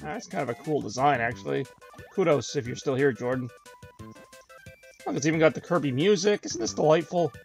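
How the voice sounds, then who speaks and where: Gravelly-voiced man commenting on a game. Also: a little high, a little fast, soft background music. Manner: chatty, wry, addresses viewers. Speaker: gaming video host. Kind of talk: casual let's-play commentary.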